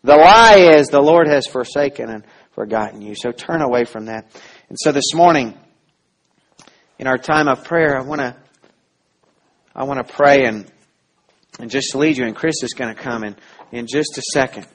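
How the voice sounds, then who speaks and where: Husky-voiced man preaching a sermon. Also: mid-range voice, moderate pace, pauses often. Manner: earnest, many restarts, swings from loud emphasis to soft near-whisper. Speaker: pastor.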